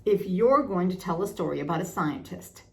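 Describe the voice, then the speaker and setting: A woman's voice: on the low side, lively intonation, normal speed. A woman voicing a bouncy, irrepressible male tiger who tells a monster story with dramatic, hooting delight. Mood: gleeful.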